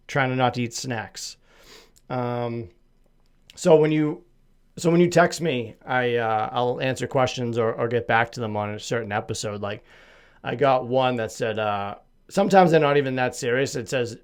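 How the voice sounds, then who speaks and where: Chatting alone on his podcast, this Massachusetts man rambles, jokes and pokes fun at himself, and he has a slight lisp. He speaks at a normal speed with a medium pitch.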